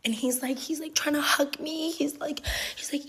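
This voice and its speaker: Young woman spilling drama, lots of "like" and cursing, a bit high-pitched. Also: normal speed, a little hiss or hum. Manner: animated, profane, fillers "like" constantly. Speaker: storyteller. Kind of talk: casual storytime vlog.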